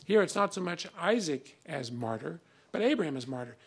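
A man's voice: on the high side, very animated, a little fast, creaky, husky. A man giving a conversational classroom lecture on old texts, reading passages aloud with emphasis between many fillers.

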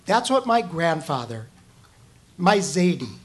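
A man from Omaha, Nebraska, reading his own memoir aloud to a live audience with an expressive storytelling delivery. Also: a little high, takes it slowly. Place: event room with an audience. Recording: roomy, echoey hall.

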